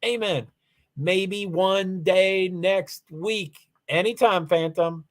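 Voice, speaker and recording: A man hosting a casual livestream, rambling through viewer comments and software settings with many restarts. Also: on the high side, lively intonation, measured pace. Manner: rambling, repeats "allegedly", frequent restarts. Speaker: livestream host.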